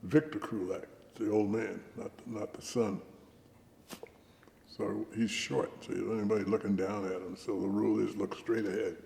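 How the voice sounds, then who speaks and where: An older man, a veteran, telling lively anecdotes in an oral history interview and acting out the dialogue. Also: lowish voice, moderate pace, vocal fry, echoey room, long reverb tail, slight background noise. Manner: lively anecdotal storyteller, acts out quoted dialogue.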